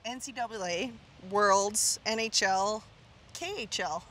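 Woman host, bright tone, upbeat, keeps the chat moving. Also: medium pitch, takes it slowly, a little hiss or hum, poor audio. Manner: upbeat, prompting the guest. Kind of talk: casual interview.

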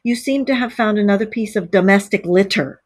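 A woman voicing a fussy, put-upon male mole in a read-aloud storybook, with plaintive, high complaints. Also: fairly quick, no echo, close to an everyday voice. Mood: skeptical.

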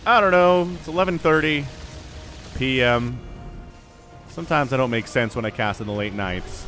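A young man casting a strategy game match, excitable and rambling, laughing and shouting at big plays. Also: medium pitch, moderate pace, pauses often, soft background music. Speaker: game caster. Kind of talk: esports commentary.

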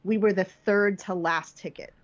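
A woman guest on a casual podcast, telling an animated story and acting out the quotes. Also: moderate pace. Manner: animated storyteller, acts out quotes with high pitch jumps. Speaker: guest filmmaker. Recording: slightly dull lo-fi podcast audio.

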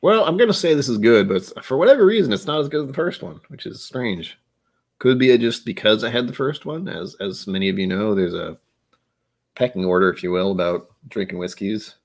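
A man with a slightly low voice talks casually while tasting whiskey on his stream. He rambles and jokes, answering his chat as he goes. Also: expressive, fairly quick.

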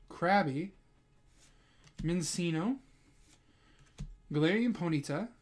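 A man hosting a casual card-pack opening vlog at home, chatting to his viewers and bursting into excited shouts at big pulls. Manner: excitable, breaks into high-pitched shouts over good pulls; keeps addressing viewers as "guys". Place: at home with a dog in the room.

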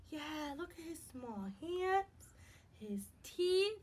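A woman's voice: high voice, big pitch swings. Sing-song preschool teacher woman. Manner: sing-song, exaggerated and encouraging, spelling words out slowly. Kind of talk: online circle-time lesson for young children.

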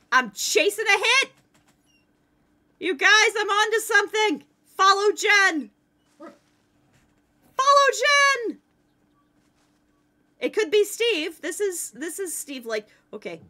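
A woman streaming a game live, commenting excitedly to her chat and teammates. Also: very high voice.

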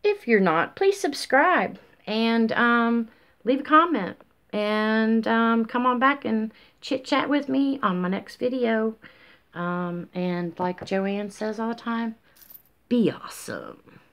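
A woman vlogger giving casual, rambling shout-outs to her viewers over a phone, full of ums and folksy warmth. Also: takes it slowly. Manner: high sing-song baby talk to her dog. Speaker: YouTube vlogger.

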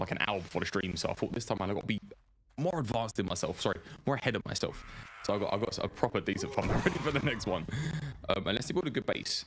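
Chatty man streaming a game, low voice. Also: slight background noise. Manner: rambling, chatty, greets viewers by name. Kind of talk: live gameplay commentary.

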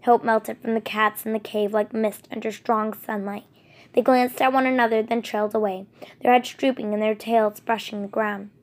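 A woman narrating a storybook in a measured, expressive reading. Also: on the high side.

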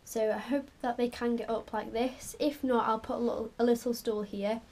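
A woman's voice: on the high side, little pitch movement, moderate pace, darkish tone. A young woman chatting casually in a pet vlog, cooing now and then at her animals. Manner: chatty, coos at her pets. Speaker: vlogger.

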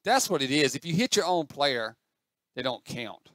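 A man's voice: fairly high pitch, sing-song, normal speed, fairly bright tone, no room sound. A man giving chatty, self-mocking commentary as he plays an online game, talking to the other players on screen. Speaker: gaming channel host. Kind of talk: casual gameplay commentary.

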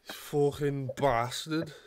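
A man's voice: mid-range voice, steady tone, very slow, crowd noise. A British man putting on a swaggering, mouthy young London lad with an exaggerated slang-heavy drawl, in a gaming voice chat. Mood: mock taunting.

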